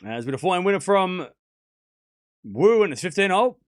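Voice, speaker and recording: A man's voice: high-pitched, very animated, moderate pace, dry recording, clean studio sound. A man hosting a live tennis watchalong stream, giving casual commentary and chatting to his viewers, sliding into rants with swearing and sarcasm.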